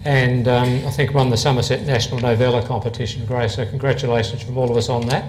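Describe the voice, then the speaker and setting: A man's voice: mid-range voice, flat delivery, quick pace, a little mellow, a little hiss or hum, rough recording. Meandering male interviewer. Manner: conversational, meandering. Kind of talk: on-stage interview. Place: live event before an audience.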